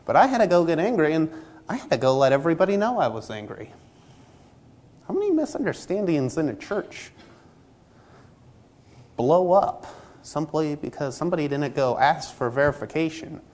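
A man's voice: a little high, big pitch swings, normal speed, pauses often, a little mellow. A man preaching a sermon in a conversational way, acting out little scenes and voices from everyday church life. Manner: conversational, acts out dialogue in anecdotes.

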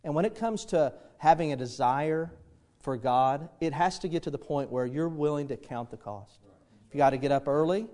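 A middle-aged pastor weaves homely tales into his sermon, imitating the voices of those he quotes. His tone is warm, his pitch fairly high, and his pace moderate.

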